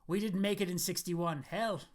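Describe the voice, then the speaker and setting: A man's voice: high-pitched, fairly even intonation, moderate pace, lightly acted. A man voicing a restless, persuasive middle-aged ex-rock musician in a story reading. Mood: urgent. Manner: urgent, persuasive.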